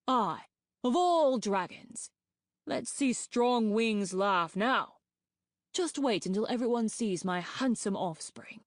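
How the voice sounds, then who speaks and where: A woman's voice: fairly high pitch, slow pace, no echo, clean studio sound. Woman doing an eager rambling scientist dragon. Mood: excited. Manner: excited, rambling, proud.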